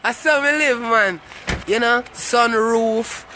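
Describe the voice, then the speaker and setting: A man's voice: very high-pitched, slow pace, noisy background. A man with a Jamaican accent doing a brash, swaggering, crude comic rant to his viewers. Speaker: comic vlogger. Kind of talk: boastful comic rant to camera.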